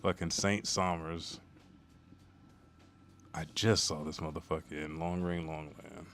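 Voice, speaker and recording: Man, live reaction streamer, very low voice, swears a lot, rambling. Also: unhurried, slight background noise. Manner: profane, rambling, excitable.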